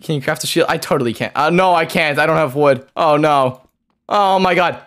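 A man streaming a game live, talking to himself in an excitable way, repeating phrases and swearing as he plays. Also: on the high side, fairly quick. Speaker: gaming streamer. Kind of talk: live gameplay commentary.

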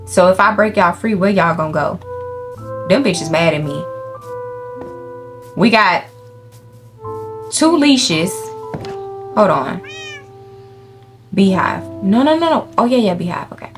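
A young woman runs her let's-play in an animated, cussing, chatty way, scolding the game animals and joking with viewers. Her voice sits at a middle pitch. Soft game music plays faintly behind her. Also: slow pace, long pauses. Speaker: gaming YouTuber. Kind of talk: casual let's-play commentary.

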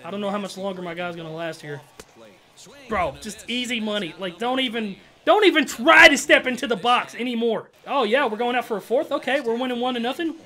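A man giving casual, slangy commentary over his own gameplay, excitable and trash-talking, with loud outbursts. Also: very high-pitched, fairly quick. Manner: slangy, keeps saying bro and dog. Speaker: gaming YouTuber.

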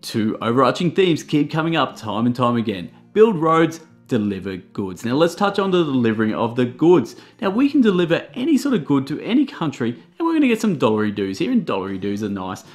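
A man gives a comedic board game review, cracking slangy jokes as he explains the rules. His pitch swings widely from line to line. Faint music plays behind him. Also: fairly quick, hardly any pauses. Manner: jokey, animated, slangy asides.

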